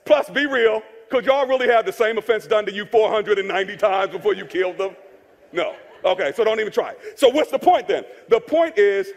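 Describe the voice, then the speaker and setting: A male pastor delivers a sermon with a notably high voice for a man, mixing jokes into a chatty style and hammering key phrases through repetition. His words ring out with the long reverb of a large church hall. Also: animated, a little fast. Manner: conversational, joking, repeats key phrases for emphasis.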